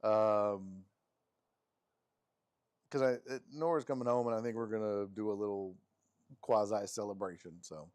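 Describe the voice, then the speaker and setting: A man hosting a sports live stream, reading viewer messages aloud in an animated, affectionate way. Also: unhurried, long pauses. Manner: animated and affectionate, with frequent laughs and pitch jumps.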